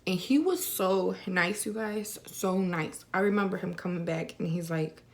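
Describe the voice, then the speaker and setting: A woman's voice: fairly low pitch, normal speed. A young woman vlogger casually telling a personal story to camera, filling her talk with "like" and "you know.". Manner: chatty, many fillers like "like" and "you know".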